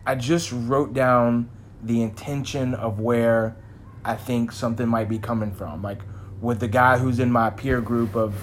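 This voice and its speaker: A man's voice: mid-range voice, level tone, unhurried, slight background noise. A man who works in sales, talking candidly in a reflective vlog, searching for his words with many restarts. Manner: rambling, searching, frequent restarts; candid, self-examining. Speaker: vlogger in sales.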